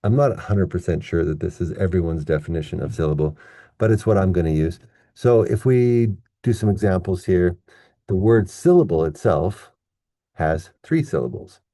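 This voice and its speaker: Teaching an online lesson on English pronunciation, this man patiently walks through each step and slows down to model word stress. His voice is low and dark-toned with lively intonation, captured in a dry, studio-quality recording.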